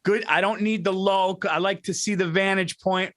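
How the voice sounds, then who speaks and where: High-voiced, rambling guy saying "dude". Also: fairly even intonation, normal speed, a bit bright. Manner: rambling storytelling with repeated "he goes" and "dude". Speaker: podcast co-host. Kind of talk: casual chat.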